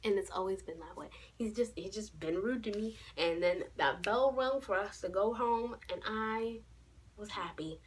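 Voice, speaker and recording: A woman's voice: mid-range voice, normal speed, a little hiss or hum, rough recording. Sassy young woman telling a story. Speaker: vlogger. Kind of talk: casual story time.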